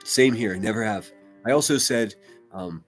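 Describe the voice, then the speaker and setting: An American guy rambles loosely and profanely on a casual livestream, reading out comments from chat. His fairly low voice moves at an unhurried pace over soft background music.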